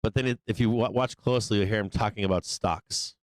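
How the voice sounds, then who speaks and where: A man's voice: steady tone, fast talker, smooth, no echo. A man hosting a live stock trading show, giving casual, profane advice and joking around. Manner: profane, joking, acts out little scenes in higher voices. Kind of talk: casual rambling advice to viewers.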